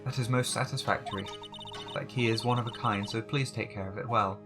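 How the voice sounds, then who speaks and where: A man's voice: lowish voice, fairly even intonation, brisk, close to an everyday voice. A man voicing a stern, formal older woman, a village elder who speaks in a stately, condescending way, over game music. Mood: haughty.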